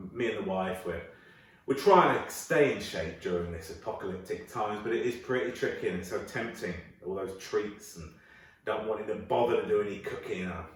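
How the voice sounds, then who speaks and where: A man in his forties performs a crude, chatty stand-up set at home, his pitch swinging widely as he talks. His voice rings around a bare, echoey room. The mic sits well away from him. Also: recorded from a distance. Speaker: stand-up comedian.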